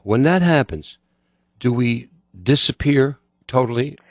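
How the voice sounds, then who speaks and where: A man's voice: medium pitch, lively intonation, a little slow, no room sound. A man hosting a radio interview, asking curious follow-up questions. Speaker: host, interviewer.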